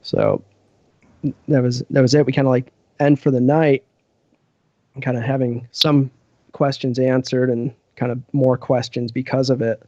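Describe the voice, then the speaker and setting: A man's voice: mid-range voice, level tone, a little slow, a little mellow, no room sound, highs cut off. A man from Western Massachusetts, a podcast guest, telling a rambling casual story full of "like" and "you know".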